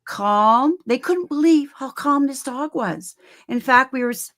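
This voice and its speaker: A woman in her seventies, a guest on a live call, telling stories in a rambling, animated way. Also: high-pitched, a little slow. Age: 70s. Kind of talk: casual chat.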